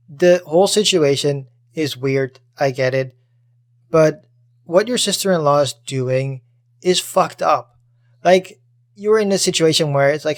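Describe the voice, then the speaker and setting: Guy hosting a podcast, slightly high voice, swears a lot, reads reddit posts and riffs on them. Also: a little slow. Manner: swears freely, chatty and animated. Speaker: podcast host.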